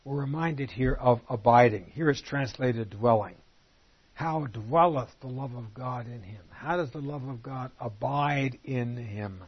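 A man teaches through a Bible passage conversationally, posing rhetorical questions and reading scripture slowly and deliberately. His voice is medium-pitched and slightly rough, and the sound is lo-fi.

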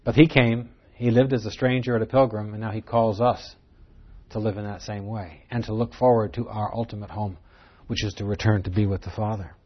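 A man's voice: fairly low pitch, steady tone, a little fast, highs cut off. A man teaching verse by verse through a Bible passage, earnest and emphatic, posing rhetorical questions to his listeners.

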